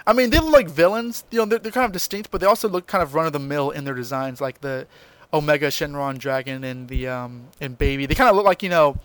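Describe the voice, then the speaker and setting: A man's voice: fairly high pitch, fast talker, fairly bright tone, clear, resonant tone, no room sound. A man co-hosting a podcast, chatting casually and enthusiastically, often restarting his sentences. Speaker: podcast co-host. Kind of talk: casual chat.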